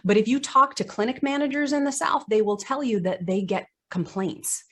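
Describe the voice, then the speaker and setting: A woman's voice: medium pitch, lively intonation, a little fast, hardly any pauses. A woman psychologist giving an online conference presentation. She speaks earnestly, asks rhetorical questions, and stumbles now and then. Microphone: video call microphone.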